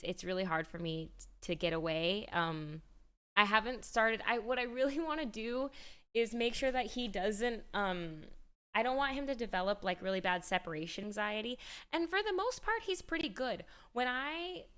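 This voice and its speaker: A woman's voice: medium pitch, fairly bright tone, clear, resonant tone. A woman livestreamer in casual chat, rambling with frequent restarts and easy laughter. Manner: chatty and rambling, restarts often, laughs easily.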